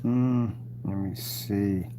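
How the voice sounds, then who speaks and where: A man's voice: lowish voice, fairly even intonation, very slow, noisy background. A man hosting his channel, mocking and taunting his rivals in a rambling live-stream rant.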